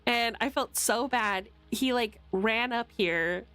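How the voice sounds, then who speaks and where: A young American woman streaming from her desk at home, chatting loudly and casually with viewers, swearing and laughing easily. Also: fairly high pitch, clean tone, dry recording. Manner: loud, chatty, swears freely, quick to laugh. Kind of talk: casual livestream chat with viewers. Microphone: streaming mic.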